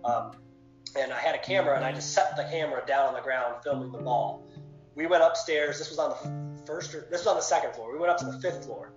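Guy rattling off ghost hunt stories quick, roomy dull podcast sound, music under it. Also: mid-range voice. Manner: animated, fast, many fillers. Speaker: guest, paranormal society owner. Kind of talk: casual storytelling interview.

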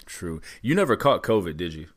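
Deep-voiced male podcast host, playful banter, lots of quick agreements. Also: sing-song, dry recording, studio quality. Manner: jokey, lots of short agreeing interjections. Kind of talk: casual chat.

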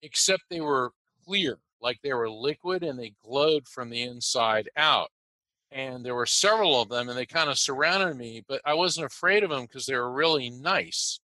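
A man from the United States, an interview guest telling a personal story, animated and halting with many restarts. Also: mid-range voice, no room sound, low-quality recording.

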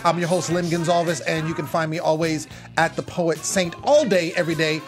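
A man's voice: on the high side, steady tone, brisk, music in the background. A man hosting a casual panel chat show, hyped and playful, greeting guests with big energy. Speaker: host.

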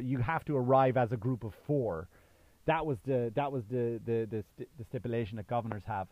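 A man's voice: mid-range voice, moderate pace, no echo, muffled recording. A man in his thirties with a faded Irish accent, a comedian hosting his own podcast, talking casually and rambling with many fillers and restarts. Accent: Irish, worn down by years in the US. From Ireland. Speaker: podcast host and stand-up comedian. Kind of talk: casual solo podcast monologue.

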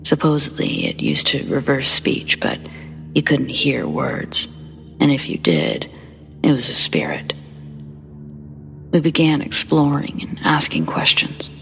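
A woman hosting a horror story show, reading first-person accounts in a hushed, breathy whisper with a slow, measured delivery. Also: low voice. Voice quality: breathy whisper with gravelly fry. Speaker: horror story narrator and host.

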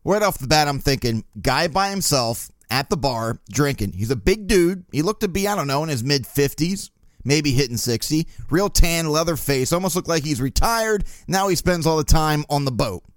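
A man hosting a podcast, telling stories in a casual, profane, animated way. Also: on the high side, normal speed, no echo, clean studio sound. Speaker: podcast host. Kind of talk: casual monologue.

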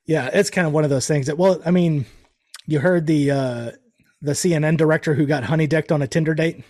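A man's voice: a little high, a little fast, a little mellow, no echo, clean studio sound. A man in casual chat, easygoing and agreeable, laughing often.

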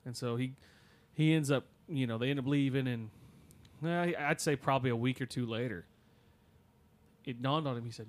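A man's voice: medium pitch, normal speed, pauses often. A man co-hosting a podcast, casually telling a listener's spooky story with many fillers and restarts. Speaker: podcast co-host.

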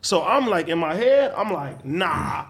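Man, high voice, big swings in pitch, casual storytelling, profane, animated. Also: measured pace, breathy edge.

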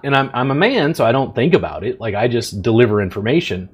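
A man in his forties, a podcast host and massage instructor, chats casually at a quick pace in a medium-pitched, slightly rough voice. He is animated, blunt and matter-of-fact, and acts out the voices of the people he quotes.

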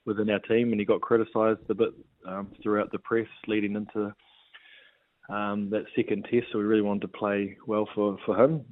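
A man's voice: on the low side, flat delivery, normal speed. A man, a rugby player chatting as an interview guest, hesitant with many ums and restarts. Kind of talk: casual interview chat. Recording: tinny phone-line sound.

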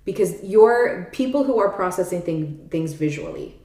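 A woman with a lowish, slightly mellow voice speaks at a moderate pace with lively intonation, and the sound is roomy. She's a podcast co-host explaining a topic in casual chat, sometimes reading passages aloud. She's chatty, says "like" a lot, and keeps checking that her listener is following.

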